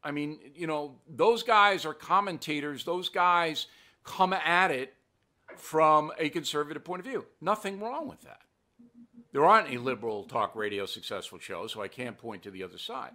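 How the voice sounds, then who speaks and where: Older male host, bright and animated, blunt and mocking delivery. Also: fairly high pitch, moderate pace. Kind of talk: political commentary show.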